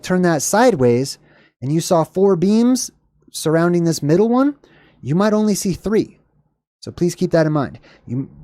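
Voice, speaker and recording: A man hosting a livestream, answering chat questions in a casual, rambling way, often searching for words and correcting himself, with a slightly hoarse voice. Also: fairly high pitch, dark tone, no echo, studio quality.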